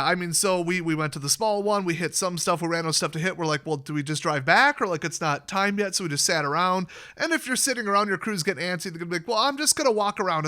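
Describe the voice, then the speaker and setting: A man giving casual casino advice, rambling and chatty in deliberately clear, well-spoken diction, acting out quoted dialogue with sudden high jumps in his voice. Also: bright, forceful tone.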